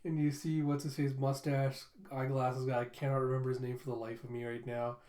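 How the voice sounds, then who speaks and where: A manga reviewer casually retelling chapters in a relaxed, chatty way. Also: medium pitch, brisk. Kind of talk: casual reaction recap. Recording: roomy echo.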